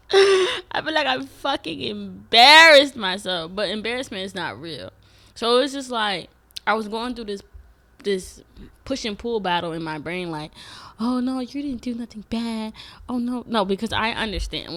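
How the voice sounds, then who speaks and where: A young woman speaks straight to camera in a candid, reflective vlog. Her voice is bright and forward, and her talk is loose and profane, with sudden loud, emphatic bursts. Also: medium pitch. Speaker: vlogger. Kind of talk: casual reflective monologue. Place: Atlanta.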